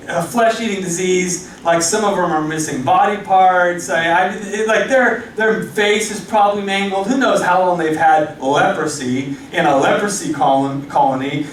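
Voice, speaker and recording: A male pastor with a high voice preaches a sermon, chatty and animated as he tells the story. He is picked up from a distance in a strongly echoing church hall, with faint room noise underneath. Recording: echoey hall from far off.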